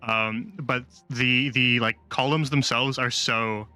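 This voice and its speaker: Male game master, bright clear voice, relaxed rambling delivery. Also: medium pitch, slow pace, soft background music. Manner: easygoing, rambling descriptions with fillers. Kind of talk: running a tabletop game.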